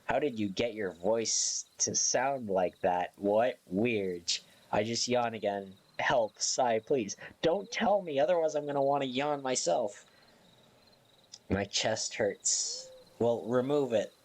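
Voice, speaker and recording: A man's voice: mid-range voice, takes it slowly. A young man chatting casually with his stream viewers, sleepy and yawning, giggling between lines. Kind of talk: casual live-stream chat.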